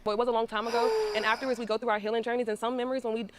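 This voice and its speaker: Rapid-fire woman contestant. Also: fairly high pitch, level tone, slight background noise. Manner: insistent, recounts events in rapid detail. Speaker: reality show contestant. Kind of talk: emotional reunion confrontation.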